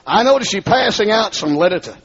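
A man's voice: sits high, expressive, quick pace, a bit bright, slightly rough, pitched above the performer's own voice, exaggerated voice. A preacher putting on a stern Southern foreman. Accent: rural Southern US. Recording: dull lo-fi recording.

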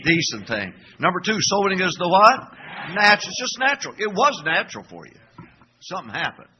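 An older man preaching a sermon as pastor, asking the congregation to call back answers and breaking into shouts. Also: sits high, a little fast, muffled recording, a little hiss or hum. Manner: animated preaching with call-and-response questions; sudden shouting bursts.

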